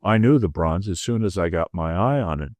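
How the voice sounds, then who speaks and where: A man voicing an ironical English gentleman detective with an Oxford accent and a slow, emotionless drawl. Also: deep voice, animated, no echo.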